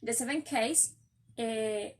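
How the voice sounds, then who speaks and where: A young woman with a Colombian Spanish accent, giving a careful class presentation on word stress. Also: a little high. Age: young adult. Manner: slow, careful, explanatory. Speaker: student presenter.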